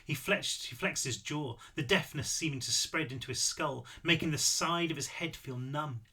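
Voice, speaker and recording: A man reads his novel aloud as narration, expressive and relaxed about small slips he corrects as he goes. His voice is bright and slightly high. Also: normal speed, breathy edge. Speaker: author reading his novel. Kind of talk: audiobook read-through.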